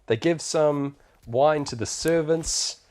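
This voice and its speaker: A man's voice: fairly high pitch, slow, a little mellow. A man, casually co-hosting a podcast and recapping a film in a laid-back, slangy way, laughing often. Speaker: podcast co-host.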